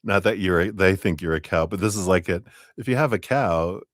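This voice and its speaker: This tarot reader has a low-pitched voice and a brisk pace, recorded with clean studio sound and no echo. He gives a live-streamed reading to a viewer, chatty and rambling, acting out the voices of the people he quotes.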